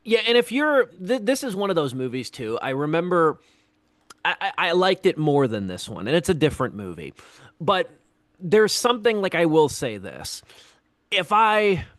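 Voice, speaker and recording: A man's voice: on the high side, sing-song, normal speed, a bit bright, no echo. A man co-hosting a film podcast in casual chat, talking in a reflective, meandering way. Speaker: podcast co-host.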